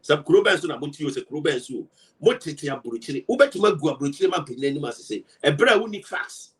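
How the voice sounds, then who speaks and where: Fired-up Ghanaian man, high and lively. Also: fast talker, distant mic. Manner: emphatic, mixes Twi and English, rhetorical questions. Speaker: political party member. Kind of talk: heated political rebuttal.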